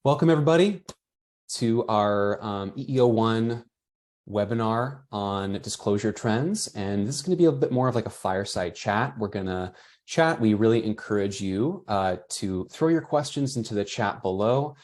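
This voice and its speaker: A man's voice: fairly low pitch, lively intonation, moderate pace, darkish tone. A man hosting and moderating an online webinar, chatting casually and reading out attendee comments as he goes.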